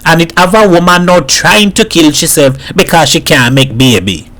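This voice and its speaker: A man's voice: fairly high pitch, moderate pace, fairly bright tone, voice pushed up, lightly acted. A man voicing a blunt, world-weary plump woman neighbor in a story reading. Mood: wry.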